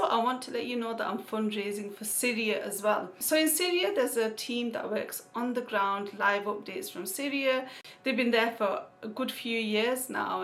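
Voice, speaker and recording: A woman's voice: mid-range voice, fairly bright tone. A woman vlogger chatting casually, thanking donors one by one with frequent Islamic blessings and light laughs. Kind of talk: casual chat.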